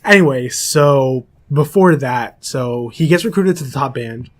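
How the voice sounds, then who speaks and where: A man's voice: medium pitch, unhurried. Rambling young man retelling a film. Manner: rambling storyteller, loses his place. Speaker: podcast co-host. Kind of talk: casual chat.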